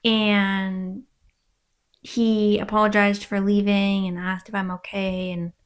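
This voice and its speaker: A woman, speaking at an ordinary middle pitch, tells her story frankly as an interview guest. She acts out the quoted exchanges and swears casually along the way. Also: flat delivery, slow pace.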